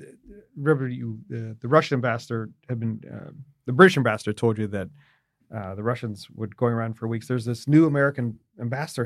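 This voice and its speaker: A man interviewing a guest, asking questions in a conversational, halting way full of fillers. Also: mid-range voice, dry recording, clean studio sound.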